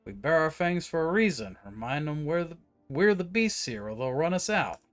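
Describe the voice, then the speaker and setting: A predatory brute who thinks people are animals swaggers through his lines in a high, forceful voice, as a man puts him on. His mock accent swings between New York and British, and every word drips with contempt. It is game dialogue read aloud over faint background music. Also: big pitch swings, normal speed. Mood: scornful. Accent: mock half New York, half British.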